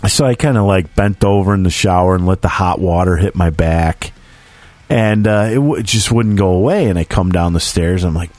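A man's voice: on the low side, moderate pace, a little mellow, dry recording, faint music behind. A middle-aged man telling a rambling, profane, self-mocking anecdote in casual chat. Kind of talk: casual storytelling.

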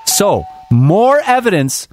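A man with a high voice co-hosts a casual, jokey talk show, reading news items aloud and tossing in asides in a radio-style banter. He sounds very animated yet speaks at a slow pace, with faint music behind him.

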